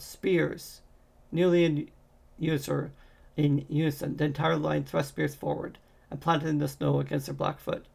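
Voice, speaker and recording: A man reading a fantasy novel aloud in a steady way, with occasional slips and restarts. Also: on the high side, creaky. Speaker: audiobook reader.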